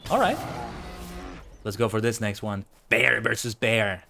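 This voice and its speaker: A man's voice: fairly low pitch, steady tone, slow, vocal fry, sharp tone, a little hiss or hum. A man streaming a game, chatting casually, playful and punning and laughing often. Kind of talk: casual gaming commentary.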